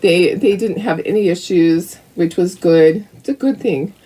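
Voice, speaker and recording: A woman's voice: lowish voice, measured pace, mellow, husky, poor audio. A middle-aged woman hosting a casual live craft painting tutorial, chatting and greeting viewers by name.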